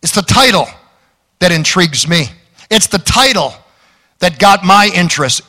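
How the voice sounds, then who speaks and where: A man's voice: high voice, expressive, normal speed, long pauses, sharp tone, in a large hall. A man preaching a sermon, folksy and joking, with emphatic calls to the congregation. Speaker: pastor.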